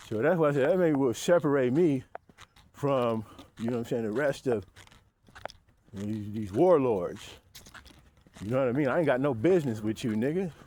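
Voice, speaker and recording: A vlogger speaks to the camera in a slightly mellow male voice, with a little background noise behind him. His monologue is profane and rambling, and he keeps chuckling to himself and puts on a mocking high voice when quoting people.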